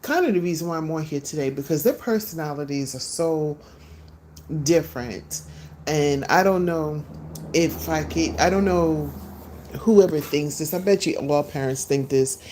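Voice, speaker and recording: A middle-aged woman chatting casually and live with her viewers from her porch, relaxed and quick to laugh, eating as she talks. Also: sits low, a little hiss or hum.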